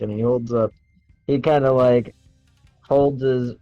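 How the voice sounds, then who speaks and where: A man playing a tabletop game, joking in a relaxed, slangy way. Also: mid-range voice, takes it slowly, dry recording, lo-fi sound, soft background music. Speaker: player.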